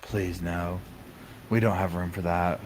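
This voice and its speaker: In a deep, fairly even voice that runs a little slow, a man mocks a courtroom stream live in a chatty, sarcastic way, acting out in asides what people in the room might be thinking. A little hiss or hum is audible.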